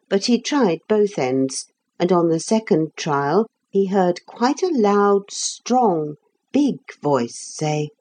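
A woman narrating a children's storybook in a gentle, expressive manner. Her voice is husky and sits a little low. She takes her time, with a lively, rolling melody.

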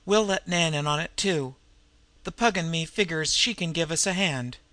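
A man's voice: fairly high pitch, normal speed, pushed and bright, no room sound. A man voicing a complacent street crook who talks in airy, eager slang in a storybook reading. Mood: breezy.

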